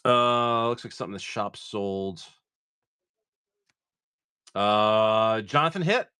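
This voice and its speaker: A man hosting a live stream, chatting casually and excitedly to viewers as he opens card packs. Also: fairly low pitch, slow pace, a little hiss or hum.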